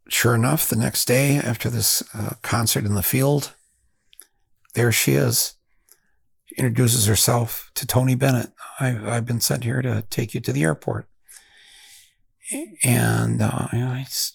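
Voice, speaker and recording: A man, hosting a podcast and telling a long story in a reflective, halting way. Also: fairly low pitch, creaky, slightly rough, no echo. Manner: reflective, halting, with fillers and restarts. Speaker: podcast host. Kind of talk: storytelling monologue.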